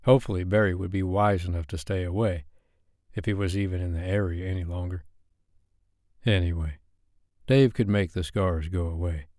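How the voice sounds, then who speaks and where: A man narrating a romance audiobook in a measured, even storytelling manner. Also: low-pitched, no echo, clean studio sound.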